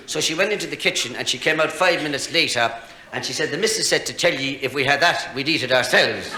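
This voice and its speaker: A man's voice: medium pitch, sharp tone. An Irish man telling jokes on stage to a live audience, chatty and chuckling at his own punchlines. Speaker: stand-up comedian. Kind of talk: live stand-up storytelling. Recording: echoey live room, faint hiss.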